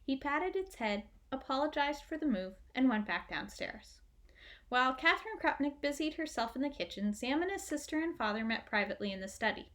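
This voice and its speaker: A woman reads a children's chapter book aloud. Her narration is gentle and expressive, in a slightly high voice. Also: a little fast. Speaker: audiobook reader. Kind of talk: storybook narration.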